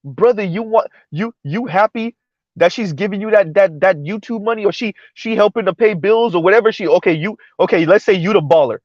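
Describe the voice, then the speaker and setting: Brief: male live-stream host, stunned and animated commentary, dry close mic with a muffled, lo-fi tone. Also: high voice, fairly quick, no room sound. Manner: animated, incredulous, repeats words and restarts often.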